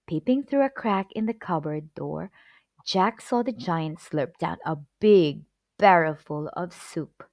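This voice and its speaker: Woman, storyteller, children's story read aloud, expressive, lively pitch, slow, dry close sound. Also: dry recording. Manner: expressive, clear storybook delivery.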